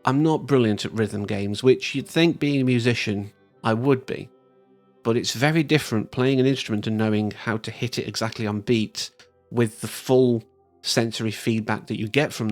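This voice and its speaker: A man's voice: lowish voice, fairly even intonation, normal speed, faint music behind. A man giving a chatty, enthusiastic spoken review of a game, rambling and restarting his sentences.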